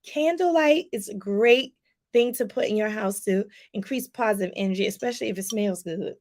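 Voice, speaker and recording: A woman life coach talking casually to her viewers in a live stream, chatty and lively, laughing often and calling them "y'all". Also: normal speed. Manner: lively, pitch jumps up for emphasis.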